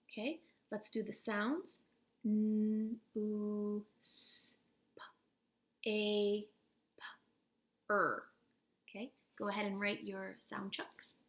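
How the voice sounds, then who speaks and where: A woman with a bright, clear voice, teaching a recorded spelling lesson from home. She speaks patiently and encouragingly, sounding words out part by part. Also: mid-range voice.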